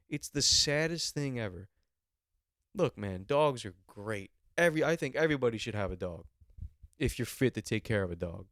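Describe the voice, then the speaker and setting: A man's voice: lowish voice, smooth, dry recording, clean studio sound. A man in his twenties, a podcast host, telling rambling stories in a casual monologue and swearing freely. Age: 20s.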